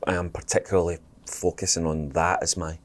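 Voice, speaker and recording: A man's voice: low-pitched, level tone, a little fast. A Scottish man, a guest actor, talking casually in a podcast interview, thoughtful and rambling, with many fillers and restarts. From Scotland.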